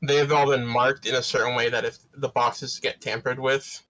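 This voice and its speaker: Relaxed man running a tabletop game. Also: medium pitch, moderate pace, crowd noise. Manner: relaxed narration with frequent "uh" fillers. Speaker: dungeon master. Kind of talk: running a tabletop game over a live stream.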